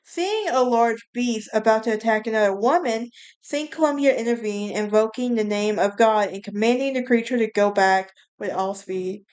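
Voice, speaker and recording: A woman's voice: fairly high pitch, moderate pace, a little mellow, smooth. A woman hosting a casual solo podcast, telling a story in a rambling way, often correcting herself and laughing at her own telling. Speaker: podcast host.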